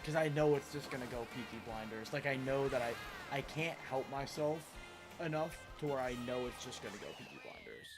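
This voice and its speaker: A man live-streaming a game, chatting casually with viewers in a rambling, animated way and laughing often. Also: medium pitch, a little fast. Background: game music.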